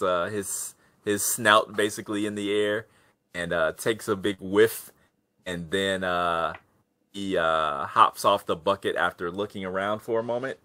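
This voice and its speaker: A man narrating as game master for a tabletop game, halting and full of fillers. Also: deep voice, sharp tone.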